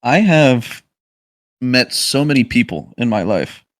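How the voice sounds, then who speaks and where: A man's voice: medium pitch, expressive, takes it slowly, dry recording, studio quality. A man co-hosting a podcast in casual chat, joking crudely and swearing often. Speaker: podcast co-host.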